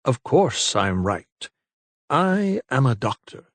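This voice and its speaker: A man voicing a young gentleman doctor in an audiobook, courteous, wry and teasing. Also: medium pitch, normal speed, no echo, natural voice. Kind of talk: audiobook character voice.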